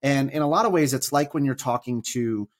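A man's voice: medium pitch, brisk. A man in his thirties, a father, chatting on a faith podcast who tells stories with animation and often restarts his sentences. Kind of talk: casual faith podcast chat.

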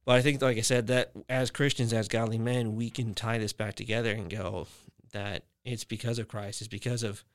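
A man's voice: fairly low pitch, little pitch movement, moderate pace, few pauses. A young man hosting a podcast, talking about his faith in a rambling way, full of fillers and restarts. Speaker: podcast host. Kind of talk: casual faith chat.

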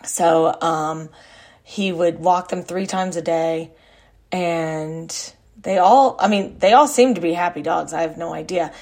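A woman in her forties with a somewhat low voice tells a story from her childhood. She rambles and backtracks, correcting herself and filling pauses. She hosts her own podcast and speaks as casual storytelling. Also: darkish tone. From Texas. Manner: rambling, self-correcting, with many fillers. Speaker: podcast host.

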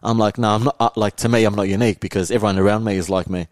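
A man's voice: on the low side, fairly even intonation, racing, no echo, clean studio sound. A young Australian man talking casually as a podcast guest, laid-back and slangy, often acting out what people said to him. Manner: laid-back, slangy, acts out quoted dialogue. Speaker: podcast guest, content creator.

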